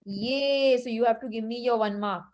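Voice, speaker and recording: A woman's voice: fairly high pitch, normal speed, a little mellow. A woman teaching a French lesson to children, patiently repeating each phrase with its translation and checking understanding.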